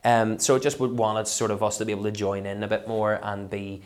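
A Northern Irish comedian in a casual podcast interview, rambling and self-deprecating, full of fillers and restarts. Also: male voice, fairly low pitch, level tone, fast. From Northern Ireland. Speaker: comedian guest.

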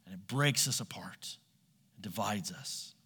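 A man's voice: on the low side, expressive, measured pace, pushed and bright, husky. A man preaching a sermon, asking his listeners direct questions and acting out quoted voices. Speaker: pastor. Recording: long hall reverb.

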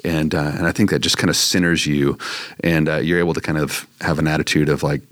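A man's voice: extremely low pitch, steady tone, fairly quick, a bit bright, no room sound, clean studio sound. A man, a church leader, talking casually about leadership with many fillers and restarts.

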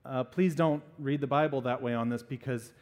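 A man preaching a sermon as pastor, animated and acting out little voices to make a point. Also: medium pitch, normal speed, big-room sound.

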